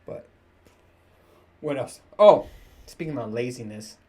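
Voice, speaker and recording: A man's voice: mid-range voice, animated, normal speed. Profane, laughing man ranting to camera. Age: 30s. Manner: profane, joking, laughs often. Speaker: podcast host. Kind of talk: casual solo rant to camera.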